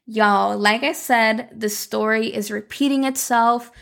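Chatty woman podcaster with a gravelly voice. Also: a little high, unhurried. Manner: chatty, expressive, mixes in Spanish words. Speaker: podcast host. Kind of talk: casual story recap.

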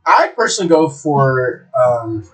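A man's voice: medium pitch, big pitch swings, a little slow, a bit bright. A young man answering podcast questions in a casual chat, hesitant and searching with frequent ums. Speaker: interview guest.

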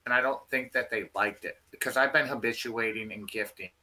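A man telling a field story in a casual, animated way, restarting his sentences often. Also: medium pitch, brisk. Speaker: field researcher guest.

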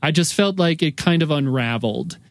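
Man with a dry, higher voice. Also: expressive, fairly quick, no room sound. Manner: rambling, self-correcting, hedging. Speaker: podcast co-host. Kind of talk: casual chat.

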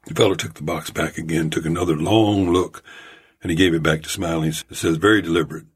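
A man's voice: sits low, fairly even intonation, fast, breathy edge. A man voicing a rambling old storyteller from a mining camp, with a folksy, drawling manner. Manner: folksy drawling tall-tale telling.

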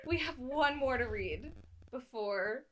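A woman's voice: high voice, lively intonation, slow, heavy background noise. A young woman hosting a podcast in casual chat, giggly with big exaggerated reactions. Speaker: podcast host.

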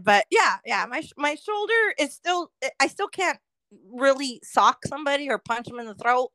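A woman's voice: sits high, expressive, normal speed, bright, forceful tone, no echo. A woman co-hosting a podcast in casual chat, ranting profanely and laughing often. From Oregon, US. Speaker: podcast co-host.

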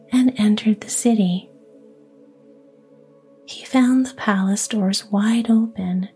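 A woman storyteller reads a fairy tale in a soft, even whisper. Her pace is very slow and her tone dark and mellow. The voice is airy and breathy throughout. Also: medium pitch.

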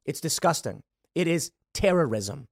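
On a clean, dry studio recording, a man whose voice is on the high side delivers expressive political commentary at a moderate pace. Hosting his podcast, he gets heated and emphatic, tripping over repeated words as he grows worked up.

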